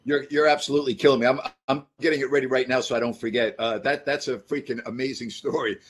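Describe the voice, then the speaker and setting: A man's voice: medium pitch, steady tone. A man hosting a sports talk show, chatting casually with filler words. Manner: quick, hesitant with fillers. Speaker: host. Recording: roomy echo, crowd behind.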